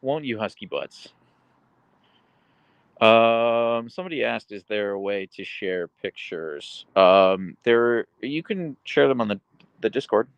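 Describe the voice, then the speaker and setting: Guy chatting on his live stream, low but really lively voice, rambly with lots of ums, dry close mic. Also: slow, smooth, dry recording, highs cut off. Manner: baby-talks his dogs at times. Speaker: livestream host reading chat. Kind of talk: casual live chat.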